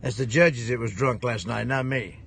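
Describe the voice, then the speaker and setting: A man's voice: medium pitch, steady tone, normal speed, gravelly, a bit bright, a little hiss or hum. A man, a preacher, telling a rambling, jovial story to his viewers with lots of chuckling. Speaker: preacher and ministry head.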